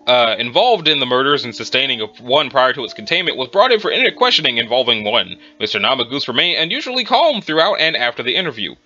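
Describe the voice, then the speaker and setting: A man's voice: a little high, sharp tone. A man, the host, reading horror entries aloud with chatty asides and a slightly strained throat. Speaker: reader and host. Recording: dull lo-fi with music behind.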